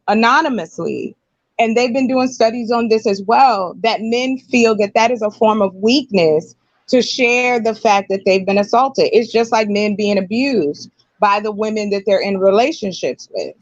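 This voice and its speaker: A woman with a fairly high voice talks frankly and with animation in a live online panel. Her audio is muffled and very dry, the way a home call mic sounds. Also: dry recording. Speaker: panel guest.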